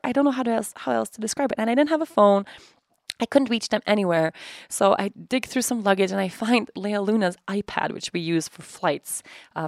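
A woman's voice: a little high, vocal fry, a little mellow, dry recording, studio quality. A woman in her thirties hosting a podcast, telling a personal story candidly and emotionally, with frequent swearing and acted-out dialogue. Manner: emotional, swears freely, acts out quoted dialogue. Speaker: podcast host.

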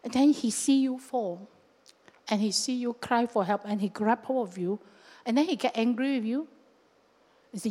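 Animated woman pastor in a big hall. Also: a little high, moderate pace, long pauses. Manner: animated, acts out scenes and voices, with local fillers like lah. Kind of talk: sermon. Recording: long hall reverb.

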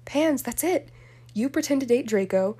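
A woman reading aloud and voicing a sweet, eager young woman who pleads in an excited rush. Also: normal speed, husky. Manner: high excited rush, dropping to a soft whisper.

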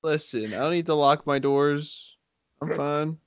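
A man's voice: fairly high pitch, little pitch movement, measured pace, smooth, dry recording. A man in casual chat with friends, joking and mock-threatening, from a rural area.

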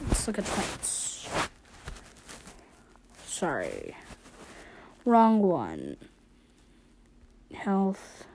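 A woman's voice: mid-range voice, vocal fry, slight background noise. A woman hosting an amateur news show, reading long lists casually and correcting her own slips as she goes.

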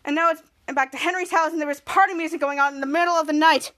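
A woman's voice: sits high, steady tone, quick pace, fairly bright tone. A woman podcast host casually recapping a TV episode, rambling and repeating herself as she goes.

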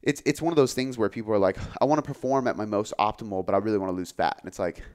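A man who works as a fitness coach, talking casually on a podcast, relaxed and full of filler words. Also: on the low side, very fast, clear, resonant tone. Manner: relaxed, filler-heavy, says "like" often.

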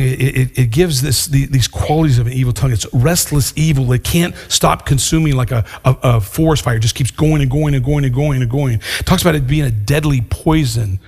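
An older man preaching a sermon as a pastor, earnest and deliberate, slowing down to stress key words. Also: medium pitch, breathy edge. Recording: long hall reverb.

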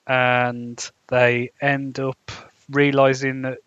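A man's voice: medium pitch, flat delivery, extremely slow, a bit bright, clear, resonant tone, no echo. Dry-humoured podcast man. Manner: adds dry quips and short agreements. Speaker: podcast co-host reviewing a film. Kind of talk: casual chat. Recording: dull, dry close mic.

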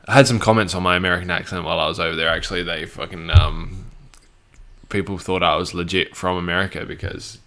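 A man's voice: sits low, fairly even intonation, normal speed, a bit bright, smooth. A young man hosting his own podcast, rambling crudely and swearing freely, with plenty of fillers and restarts. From Australia. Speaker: podcast host. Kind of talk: casual solo podcast monologue.

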